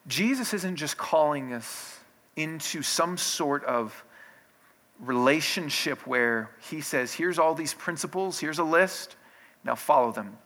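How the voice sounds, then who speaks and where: A man's voice: fairly high pitch, expressive, slow, fairly bright tone. A man preaching a sermon in a conversational way, with restarts, building in intensity. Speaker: pastor.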